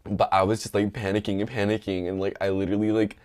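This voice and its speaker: A young man telling a story in a casual chat, sassy and dramatic, laughing often and full of fillers. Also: quick pace. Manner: animated, laughing, mimics others in high-pitched voices. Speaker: podcast host telling a story.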